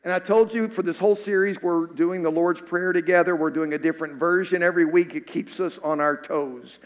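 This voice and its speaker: A male pastor giving a sermon in an earnest preaching style, then praying softly and low. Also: fairly even intonation, brisk, muffled recording. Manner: earnest preaching, drops soft and low in prayer. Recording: hall reverb.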